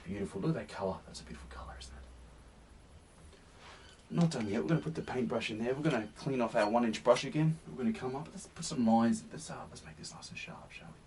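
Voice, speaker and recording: A man hosting a painting demonstration, gentle and encouraging, often sinking to a soft near-whisper. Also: medium pitch, fast. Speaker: painting tutorial host. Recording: slightly distant mic with faint hiss.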